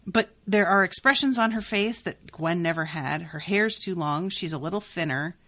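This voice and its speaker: A woman hosting a podcast, chatting casually and reacting to a book in an animated, exasperated way, swearing freely. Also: lowish voice, moderate pace. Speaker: podcast host.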